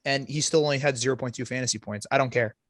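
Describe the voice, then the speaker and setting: A man griping on a casual sports podcast, profane and mock-vengeful. His voice has an ordinary pitch and is recorded dry and close, with no room sound. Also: steady tone, quick pace, fairly bright tone, dry recording. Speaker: podcast co-host.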